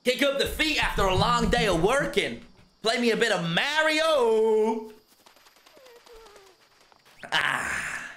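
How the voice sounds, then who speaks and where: A man putting on a loud, cheesy American accent as a brash streamer persona while playing a game. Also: extremely high pitch, very animated, takes it slowly, long pauses, slight background noise, pitched above the performer's own voice, heavily acted. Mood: cocky. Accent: put-on American. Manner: loud, cheesy, over-the-top enthusiasm.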